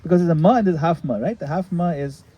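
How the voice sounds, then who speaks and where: A man leading a retreat session, explaining a practice in a relaxed, casual way and sometimes laughing at his own jokes. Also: on the high side, fast, highs cut off. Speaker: retreat leader answering questions. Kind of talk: casual teaching in a group session. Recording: faint background noise.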